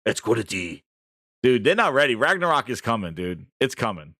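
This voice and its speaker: A man's voice: medium pitch, big pitch swings, brisk, sharp tone, no echo, clean studio sound. A man hosting a casual gaming podcast, laughing often and teasing his co-host. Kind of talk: casual chat.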